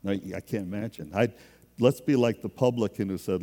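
A man's voice: fairly low pitch, moderate pace, dark tone, in a large hall. A man preaching a sermon as a pastor, in a conversational, self-deprecating way.

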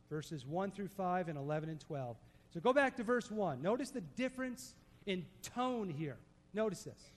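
A man preaching a sermon, emphatic, dropping to soft low tones to stress a point. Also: long reverb tail. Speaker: pastor.

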